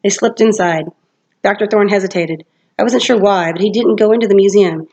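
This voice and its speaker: A woman teacher reads a novel aloud to her class, steadily and with occasional self-corrections. Her voice sits at an ordinary middle pitch. The lo-fi recording sounds slightly muffled. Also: fairly quick, warm tone. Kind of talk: storybook read-aloud narration.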